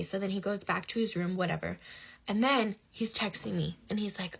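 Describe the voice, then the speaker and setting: A young woman telling a personal story in casual conversation, animated, swinging between hushed asides and loud outbursts. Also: medium pitch, fast talker, creaky, breathy edge.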